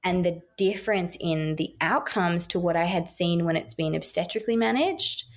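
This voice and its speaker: A woman's voice: fairly low pitch, normal speed. An Australian woman talking earnestly as a guest midwife in a podcast interview, acting out quoted voices as she tells stories.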